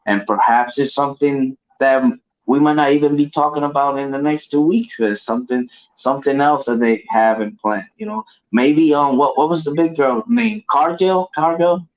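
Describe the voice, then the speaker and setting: Slangy, animated male podcaster. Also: mid-range voice, moderate pace, few pauses. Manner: loose and animated, heavy slang. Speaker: podcast co-host. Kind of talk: casual wrestling chat. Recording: dull lo-fi audio.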